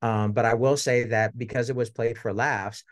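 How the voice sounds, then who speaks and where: A man's voice: medium pitch, fairly even intonation, moderate pace, no room sound, studio quality. A middle-aged man giving an academic lecture in a conversational way, often checking in with "right?". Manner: conversational, tags points with "right?".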